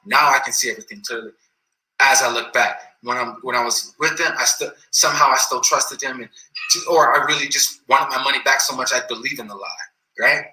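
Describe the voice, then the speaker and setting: A man's voice: mid-range voice, fairly quick, pushed and bright. A man telling a story in a casual, rambling way, full of slang and repeated phrases, in an echoey room.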